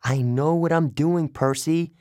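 A man's voice: a little high, a little slow, darkish tone, no room sound, clean studio sound, pitched above the performer's own voice, close to an everyday voice. A man reading an audiobook, voicing a confident young girl who gives firm, commanding orders. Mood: earnest. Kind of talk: audiobook character voice.

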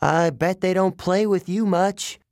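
A man's voice: on the high side, very animated, a little fast, a little mellow, husky, dry recording, studio quality, pitched above the performer's own voice. A man voicing a teenage boy hero in an audiobook, speaking with forced, edgy cheer.

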